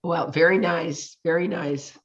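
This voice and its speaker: A woman's voice: fairly low pitch, steady tone, unhurried, highs cut off. Congested woman chairing a video-call meeting. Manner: chatty, laughs often. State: congested from allergies. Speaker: board chair.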